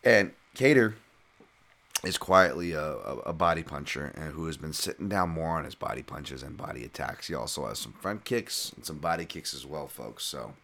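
Male podcast host, low voice, loose and chatty fight analysis. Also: expressive, normal speed, sharp tone. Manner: chatty, slangy, addresses listeners as folks.

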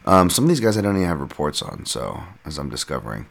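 A man's voice: a bass voice, very animated, fast talker, vocal fry. A man hosting a podcast on his own, rambling through a casual breakdown with self-deprecating asides. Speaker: podcast host and fight analyst.

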